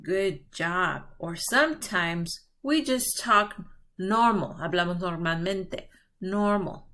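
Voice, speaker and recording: Slow, patient bilingual teacher woman. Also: lowish voice, expressive, fairly bright tone. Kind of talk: bilingual classroom lesson.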